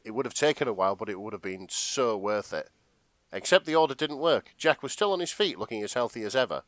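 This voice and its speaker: A man's voice: medium pitch, fast talker, no echo. A man co-hosting a comedy podcast, retelling a fanfic with a lot of laughter. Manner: animated, laughing often. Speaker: podcast co-host.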